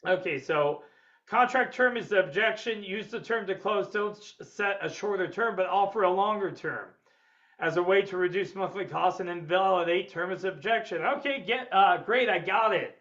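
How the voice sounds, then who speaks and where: High-voiced, blunt male sales trainer. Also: moderate pace, dull audio. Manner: energetic, blunt, swears freely, acts out client quotes. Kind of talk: webinar seminar lecture.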